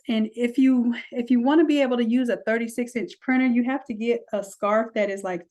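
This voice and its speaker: A woman walking through a software design tutorial, chatty, with folksy asides. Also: fairly high pitch. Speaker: design instructor. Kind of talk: screen-recorded software tutorial.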